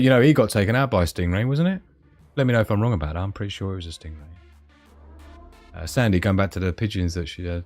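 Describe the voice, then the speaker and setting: A man's voice: lowish voice, darkish tone, dry recording. A man hosting a live stream, chatting casually and rambling, often losing his thread mid-sentence. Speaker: livestream host.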